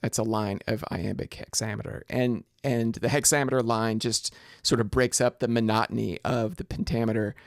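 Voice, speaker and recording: A man with a gravelly, creaky voice at a middle pitch, giving a recorded lecture on poetry. He explains patiently and in detail, often stopping to restart a phrase. The sound is close and dry, with no room echo. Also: steady tone, moderate pace. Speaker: literature lecturer.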